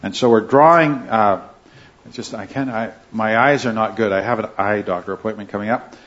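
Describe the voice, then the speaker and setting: A man teaching an informal Bible class in an indoor classroom, rambling and halting with many fillers and restarts. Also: on the low side, fairly bright tone. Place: indoor classroom with a wall clock. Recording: slightly muffled recording.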